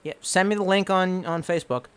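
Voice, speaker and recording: A man's voice: sits high, fairly even intonation, fairly quick, fairly bright tone, clean tone. A young man from the Washington DC area, casually reading out chat messages on a live stream, profane and sarcastic, and getting drunk as he goes. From Washington DC metro area, US.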